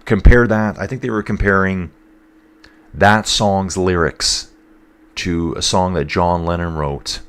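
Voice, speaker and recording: A man with a stuffed-up voice giving casual live commentary on a bike race and reading out viewer comments. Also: sits low. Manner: chatty, reads out viewer comments.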